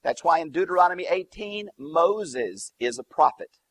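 Husky lively male Bible teacher. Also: on the high side, moderate pace, no echo. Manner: explains Greek and Hebrew terms, emphatic lists; lively, swooping emphasis on key words.

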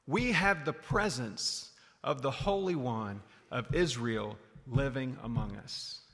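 A man preaching a sermon, animated, swinging from loud calls down to low, quiet lines. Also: unhurried. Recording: long hall reverb.

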